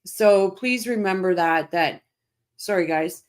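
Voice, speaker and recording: A woman's voice: mid-range voice, slow, a little hiss or hum. A chatty middle-aged woman hosts a casual livestream. She reads out viewer comments and talks them over, often stopping and restarting her sentences. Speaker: livestream host.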